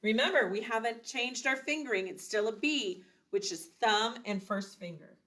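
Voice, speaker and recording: A woman's voice: a little high, moderate pace, a bit bright. A woman teaching a children's recorder lesson, patiently explaining and chanting rhythms aloud. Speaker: music teacher.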